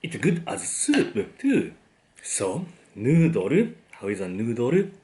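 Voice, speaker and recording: A man's voice: medium pitch, huge pitch swings, slow pace, a little mellow. A man, hosting a food vlog and tasting his dinner with frequent appreciative hums. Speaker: food vlogger. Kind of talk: casual tasting commentary.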